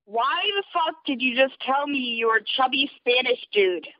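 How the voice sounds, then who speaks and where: A woman's voice: high-pitched, normal speed, dry recording. A woman on a phone call, furious, profane and threatening. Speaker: caller. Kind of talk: heated phone argument. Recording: dull phone-line audio.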